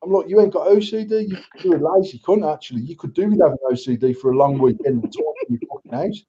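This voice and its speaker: A sweary man in his thirties from England rants and mocks on a casual home podcast. His voice sits a little high but sounds dark and mellow. The recording is dull and lo-fi. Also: expressive, fast talker. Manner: sweary, ranting, mocking. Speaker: podcast co-host. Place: living room at home.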